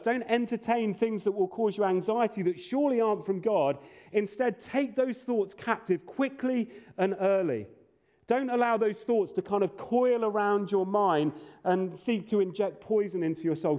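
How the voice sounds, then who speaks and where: A man's voice: sits high, darkish tone. A man preaching a sermon as pastor, earnest with playful asides.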